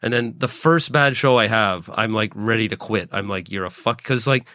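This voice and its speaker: A man's voice: lowish voice, moderate pace, sharp tone, no room sound, studio quality. A man in his late forties, a comedian hosting his own podcast, rambling through a casual solo monologue, swearing freely and restarting his sentences. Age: 40s. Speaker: podcast host, stand-up comedian.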